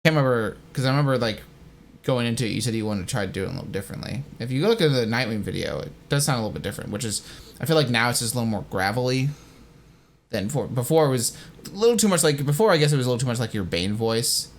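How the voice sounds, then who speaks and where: Rambling young man with lively pitch. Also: racing. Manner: rambling, full of hedges and restarts. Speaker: host and animation creator. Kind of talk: casual commentary chat.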